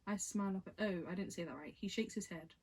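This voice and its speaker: Woman, husky voice, casual read-aloud vlog, stumbling, giggly, chatty asides. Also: medium pitch, fast talker, darkish tone. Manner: stumbling, giggly, self-interrupting. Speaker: book vlogger reading aloud.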